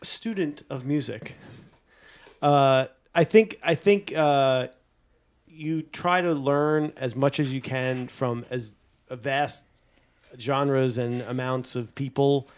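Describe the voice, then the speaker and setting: A man's voice: mid-range voice, takes it slowly, clear, resonant tone. A man on a podcast earnestly explaining his view on music, in long rambling sentences. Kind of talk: casual chat.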